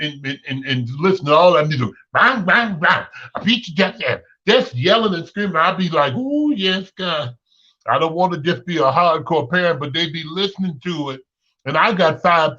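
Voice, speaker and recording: A man's voice: a little high, pushed and bright. A man in his thirties with a Chicago accent hosts a casual opinion monologue, preaching and repeating himself for emphasis. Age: 30s. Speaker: host. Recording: lo-fi muffled recording.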